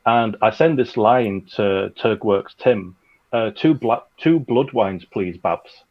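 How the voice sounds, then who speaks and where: A man in casual chat as a podcast guest, telling animated, rambling stories with lots of fillers. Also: fairly low pitch, slow, highs cut off. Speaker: guest, audio drama creator. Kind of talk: casual chat over a call.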